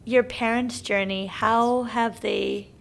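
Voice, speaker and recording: A woman hosting a podcast, asking interview questions in a gentle, encouraging way. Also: a little high, fairly even intonation, slow, creaky. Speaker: podcast host.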